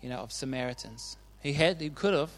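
A man's voice: mid-range voice, brisk. A man preaching a casual sermon, retelling Bible stories in a chatty, informal way and often checking in with his listeners.

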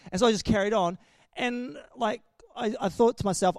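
Guy preaching a laid-back sermon, pretty high voice, jokey, keeps restarting. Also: moderate pace, dry recording, clean studio sound. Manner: chatty and joking, with many restarts. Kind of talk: casual sermon.

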